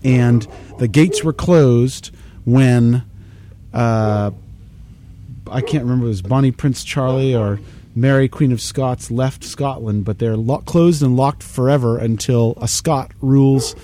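A man talks through a beer tasting in a relaxed, knowledgeable way, wandering off on tangents and filling pauses as he goes. His voice is mellow and dark, at an ordinary middle pitch. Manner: knowledgeable, explanatory, rambling with fillers. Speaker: beer tasting show host. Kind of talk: casual beer tasting chat.

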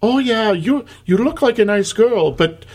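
A man voicing a fed-up, scheming female Irish bartender with a put-on Irish accent, high and gleeful. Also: expressive, unhurried, darkish tone, breathy edge. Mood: mock-sweet. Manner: high, laughing, gleeful mimicry.

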